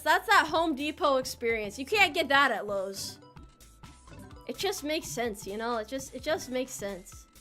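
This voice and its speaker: Woman streamer, high bright voice, playful and teasing with chat, stammers and restarts, faint game music behind. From United States. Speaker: VTuber streamer. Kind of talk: casual live-stream chat while playing a game.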